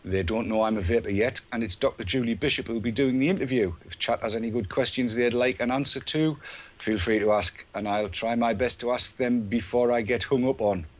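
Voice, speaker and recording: A man's voice: medium pitch, fairly quick. A man co-hosting a casual online chat show, with a dry, jokey delivery. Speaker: co-host.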